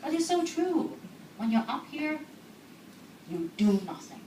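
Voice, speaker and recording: A woman's voice: sits high, sing-song, measured pace, dark tone. A woman talking to a live audience, asking them questions and laughing often. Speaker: speaker. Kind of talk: lively talk to an audience. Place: hall. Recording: echoey hall recorded from far off, background noise.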